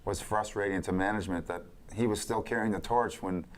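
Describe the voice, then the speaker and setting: A man's voice: lowish voice, fairly even intonation, a little fast. A man, a former teammate, earnestly recalling days with an old team leader. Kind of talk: reminiscing conversation.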